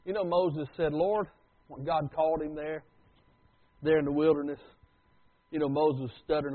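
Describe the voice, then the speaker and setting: A husky, slightly high-voiced man preaches, swinging between booming declarations and near-whispered asides. The sound is thin and tinny, like a phone line. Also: expressive, moderate pace. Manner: dramatic swings from loud to hushed. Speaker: pastor. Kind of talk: sermon.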